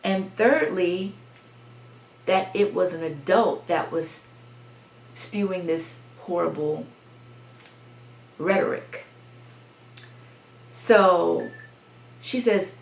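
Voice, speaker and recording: A woman with a slightly low voice tells a story from her own childhood to the camera. She talks in a reflective way, pausing and restarting as she remembers. The room around her is echoey. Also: creaky. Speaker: vlogger. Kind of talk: personal storytelling.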